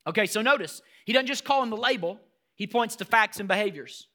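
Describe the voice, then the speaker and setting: A man's voice: high voice, lively intonation, fairly quick, sharp tone. A man preaching a sermon as pastor, emphatic and asking the congregation rhetorical questions.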